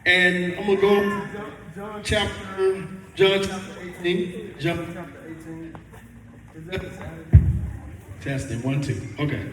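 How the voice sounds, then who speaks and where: A man with a high voice preaches to a congregation in a relaxed, folksy way, stopping often to check that his listeners are following. He is picked up from some distance, and his words ring through a reverberant hall. A soft murmur of room noise stays underneath. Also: a little slow, pauses often, a crowd in the background. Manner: conversational, folksy, quizzes the audience. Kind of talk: sermon. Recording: echoey hall, mic from far off.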